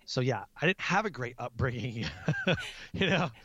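A man's voice: medium pitch, expressive, a little slow, pushed and bright, no echo, lo-fi sound. A man in his thirties, a military NCO, telling stories about family life in a casual interview, laughing and acting out his own outbursts. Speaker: guest; military non-commissioned officer.

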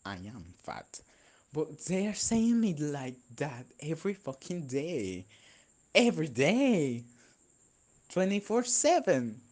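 A man's voice: a little high, huge pitch swings, slow, darkish tone. A young man whose first language is Spanish, venting in a casual vlog, rambling and swearing with many fillers and restarts. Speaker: vlogger.

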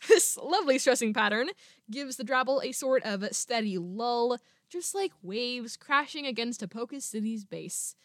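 A woman student hosting a podcast, talking chattily and reading a short piece aloud, excitable and playfully self-mocking. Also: fairly high pitch, dry recording, studio quality. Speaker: podcast host.

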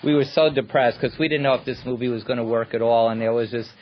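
A man's voice: mid-range voice, fairly even intonation, fast talker, muffled recording, a little hiss or hum. A man, a film director, telling stories from the shoot and explaining how the shots were made on a commentary track. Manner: explanatory, storytelling, talks through the shots. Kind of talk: anecdotal commentary.

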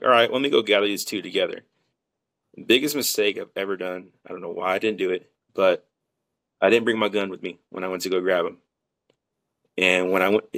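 A man with a drawl and a fairly low voice tells his hunting mishaps in a lively, rambling way, stumbling over restarts and acting out what everyone said. The recording is dry and close, with no room sound. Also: dry recording. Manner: animated storyteller who acts out quotes, with many restarts. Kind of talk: casual hunting podcast storytelling.

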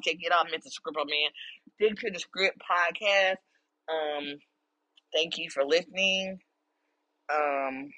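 A woman podcast host in the middle of a heated solo rant, her voice forceful and tense. She swears constantly and pushes her volume up toward a shout. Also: fairly low pitch, low-quality recording. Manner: raises voice to near shouting. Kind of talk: casual monologue rant.

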